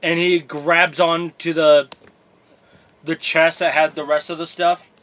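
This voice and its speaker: A man narrating a tabletop game as game master, in halting, rambling sentences full of fillers. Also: on the high side, little pitch movement, a bit bright.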